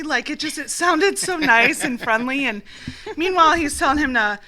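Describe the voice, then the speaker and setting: Chatty middle-aged woman on a radio talk show, laughs a lot, bright voice. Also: sits high, lively intonation, moderate pace. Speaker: co-host. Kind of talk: casual chat.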